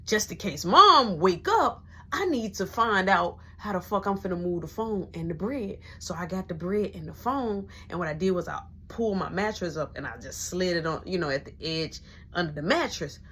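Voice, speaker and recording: A woman's voice: lowish voice, animated, moderate pace, bright, forceful tone, slight background noise. A young adult woman telling a profane, slangy personal story in a casual monologue, dropping into whispers when she quotes people.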